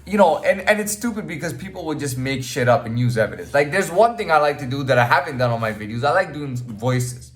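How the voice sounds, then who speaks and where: A man talking to camera in a casual monologue, rambling, restarting his sentences and often trailing off into a low mutter. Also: animated, a little fast, few pauses. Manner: rambling, with many restarts and "you know what I mean". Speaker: vlogger.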